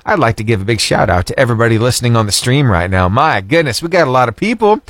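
A man's voice: medium pitch, sing-song, fast, a bit bright, no echo. A cheerful man, hosting a radio morning show in upbeat call-in chat, chuckling often. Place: radio studio.

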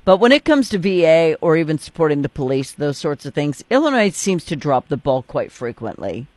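Talk show host, man, fairly high voice, casual and joking, very dry sound. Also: very animated, fairly quick, no room sound. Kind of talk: political talk show interview.

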